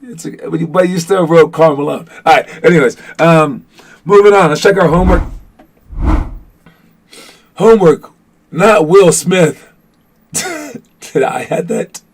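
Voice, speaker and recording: A man's voice: fairly high pitch, takes it slowly, pauses often, slight background noise. Joking, teasing male podcast host. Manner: joking, teasing, excitable with many restarts. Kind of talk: casual live-stream chat.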